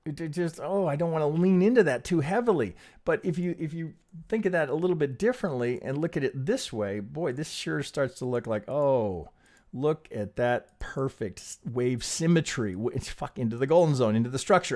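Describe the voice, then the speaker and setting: A man walking viewers through trading charts in a loose, animated way, often breaking off mid-sentence to redraw a line or rethink a point. His voice sits at an ordinary middle pitch, and his talk is full of restarts, asides and the odd casual curse. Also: normal speed. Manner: animated, rambling, self-interrupting, casual swearing. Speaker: trading analyst. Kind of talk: live chart analysis.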